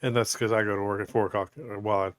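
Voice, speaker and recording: A man with a fairly low voice co-hosts a casual podcast, answering in short, low-key remarks. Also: level tone, quick pace, no echo. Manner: brief, low-key replies. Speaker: podcast co-host.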